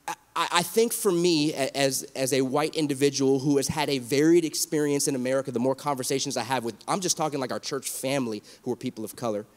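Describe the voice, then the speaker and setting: A man's voice: medium pitch, fast. A man in his thirties, a pastor, speaking earnestly and emotionally in a panel discussion, often restarting his sentences. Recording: long hall reverb.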